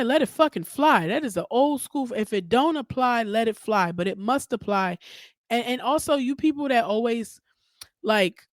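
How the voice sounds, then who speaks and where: A woman hosting her own podcast, ranting in a casual, profane, animated way straight to her listeners. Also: medium pitch, no room sound, clean studio sound. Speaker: podcast host. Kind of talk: casual solo podcast rant.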